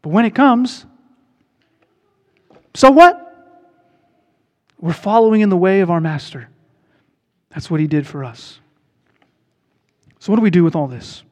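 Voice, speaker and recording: A high-pitched man delivers a lively sermon as a pastor, rising to loud, ringing proclamations and dropping to quiet, earnest tones. His voice carries a long reverb from the church hall around him. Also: measured pace, pauses often.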